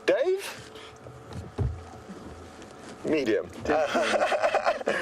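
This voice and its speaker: A man giving live commentary as a safari guide from a vehicle in the bush. He sounds calm, chatty and enthusiastic. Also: medium pitch, background noise.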